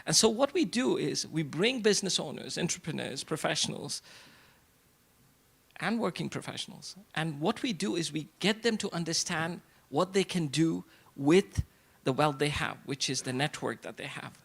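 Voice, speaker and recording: Gravelly man giving an event speech. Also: fairly high pitch, expressive, normal speed, fairly bright tone. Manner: rhetorical questions, repeated punchlines, addresses audience directly. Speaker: event speaker. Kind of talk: motivational speech to a live audience. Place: event hall before an audience.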